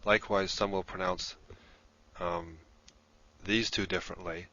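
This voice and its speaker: A man's voice: low voice, steady tone, unhurried, sharp tone, highs cut off. A man giving a recorded lesson, explaining patiently step by step while he writes things down. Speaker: instructor in a played lesson video.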